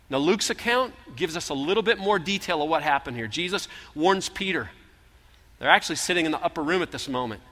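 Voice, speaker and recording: A man preaching with a bright, tense, slightly high voice. He tells the story earnestly, leaning in and then dropping to a hush, and a long reverb trails each phrase in the hall. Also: lively intonation, fast talker. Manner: earnest storytelling preacher, shifting from emphatic to hushed. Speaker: pastor. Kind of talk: sermon.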